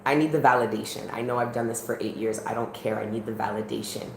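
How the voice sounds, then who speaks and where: A woman's voice: rumbling low, steady tone, fast talker, gravelly. A woman reading tarot on a live stream at home, talking earnestly and chattily straight to her viewers. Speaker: tarot reader. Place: at home in the country. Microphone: camera on a live stream. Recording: roomy with faint background noise.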